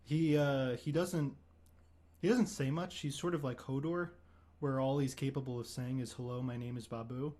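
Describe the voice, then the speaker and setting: A man streaming, chatting in a deadpan, mock-earnest way with many "like" fillers. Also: mid-range voice, normal speed. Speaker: streamer on a comedic stream date. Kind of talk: casual livestream chat.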